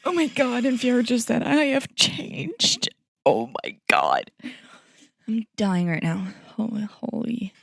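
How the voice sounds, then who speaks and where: A woman's voice: on the high side, big pitch swings, measured pace, gravelly, no echo, clean studio sound. A woman hosting a podcast, reacting to a movie trailer in a gushing, effusive, exclaiming way. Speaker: podcast host. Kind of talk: casual trailer reaction commentary.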